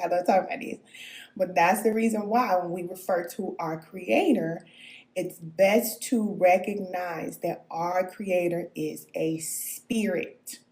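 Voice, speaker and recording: A woman's voice: medium pitch, a little mellow, reverberant. A woman giving a live-streamed spiritual talk as a spirit guide, answering viewer comments, emphatic and preachy, often checking in with "okay?" and chuckling. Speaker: self-described spirit guide.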